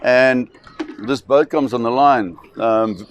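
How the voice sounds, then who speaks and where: A man's voice: mid-range voice, slow, smooth. A man telling a dramatic story vividly, often restarting phrases. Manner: vivid, restarting, acts out voices. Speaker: shark expedition operator.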